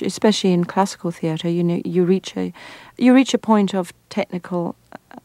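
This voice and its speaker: Woman from England, middle-aged actress, lowish voice, dry close sound, measured and reflective. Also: dark tone, no room sound. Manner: thoughtful, frequent restarts and pauses. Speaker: actor, guest. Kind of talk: reflective interview answers.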